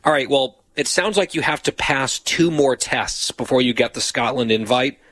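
A man's voice: mid-range voice, normal speed, a bit bright, no echo. Guy radio host, teasing and dry, mid voice, dead dry studio sound. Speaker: radio talk show host. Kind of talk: casual chat.

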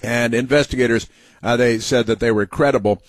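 A man's voice: medium pitch, steady tone, a little fast, no room sound. A man hosting a political talk show, rambling and sarcastic, with many fillers and asides. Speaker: radio talk host.

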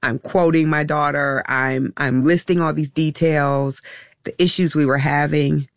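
A woman, a mother being interviewed, telling a personal story in a halting, reflective way with many pauses and restarts. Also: deep voice, steady tone, no echo, clean studio sound.

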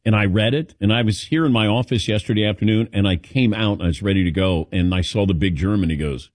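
A man's voice: fairly low pitch, fast talker, few pauses, dry recording. A middle-aged man hosting a sports radio show, talking casually and telling stories with emotion and restarts. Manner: emotional, animated storytelling with rambling restarts. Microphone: studio microphone.

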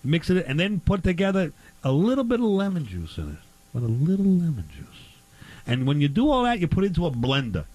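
A boisterous man in a comedic barbecue bit who rambles and plays clueless. His voice sits a little high and swings widely. He talks in a quick, tumbling rush. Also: wildly swooping pitch, darkish tone, poor audio. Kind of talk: comedic improvised banter.

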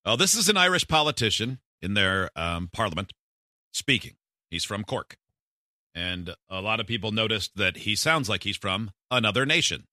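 A man's voice: on the low side, sing-song, normal speed, pushed and bright, no room sound, studio quality. A man hosting a radio show, bantering casually with co-hosts. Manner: chatty, jokey. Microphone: studio microphone.

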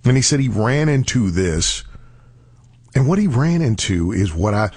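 A man giving a reflective motivational talk, telling stories and slowing down on key words for emphasis. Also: mid-range voice, big pitch swings, darkish tone, husky. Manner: storytelling, acts out quoted voices, slows for emphasis.

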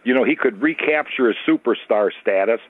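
Man calling into talk radio, sarcastic, husky voice, sounds like a phone. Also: mid-range voice, fairly quick, no room sound. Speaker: caller. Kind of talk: call-in opinion. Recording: tinny phone line.

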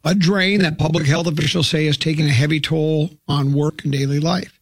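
A man's voice: fairly high pitch, fairly even intonation, brisk, slight background noise. A man hosting a radio talk show, reading health news aloud and breaking off for jokes. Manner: wisecracking, reads news items aloud with asides. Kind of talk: jokey morning show banter.

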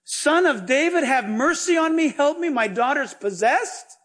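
A man's voice: very high voice, expressive, a little slow, fairly bright tone, voice pushed up, exaggerated voice. A man acting out a desperate Canaanite mother begging for help, in a raised, urgent voice. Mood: pleading.

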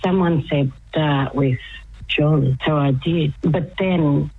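Low-voiced woman storyteller on a dull line. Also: takes it slowly, breathy edge. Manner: chatty storyteller, laughs often, drops to a hushed whisper. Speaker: guest. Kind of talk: radio phone-in chat about faith.

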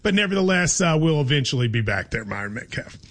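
A man from Kentucky hosting a sports talk show, chatty and teasing, quick to laugh. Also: on the high side, sing-song, fairly bright tone.

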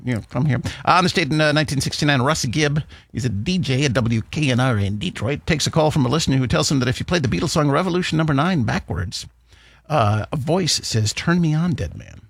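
A man's voice: on the high side, animated, fast talker, gravelly, breathy edge, dry recording. A man hosting a radio show, chatting casually in a jokey, rambling way. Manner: jokey, rambling, acts out quotes. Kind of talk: casual morning show chat.

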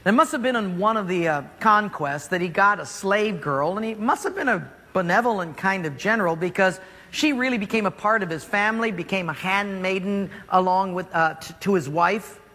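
A man preaching a sermon, retelling a story in a joking, animated way, in a church hall. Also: sits high, normal speed.

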